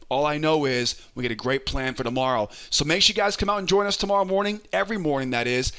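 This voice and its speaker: A man hosting a trading lesson, walking through charts in an energetic, coaching way and often checking in with "right?". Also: fairly high pitch. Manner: energetic, keeps asking "right?"; coaching, urges patience. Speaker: trading educator and host.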